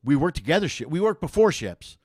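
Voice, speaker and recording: A man's voice: fairly high pitch, very animated, brisk, darkish tone, no echo, studio quality. A man in his fifties hosting a live-streamed comedy show, rambling casually with many fillers and greeting viewers by name. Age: 50s.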